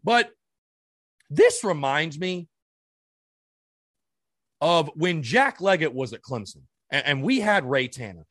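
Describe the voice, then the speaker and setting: A man's voice: a little high, big pitch swings, takes it slowly, long pauses, a bit bright, dry recording, studio quality. Furious ranting male podcast host. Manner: heated and ranting, swearing, with many stammered restarts. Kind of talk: sports fan rant.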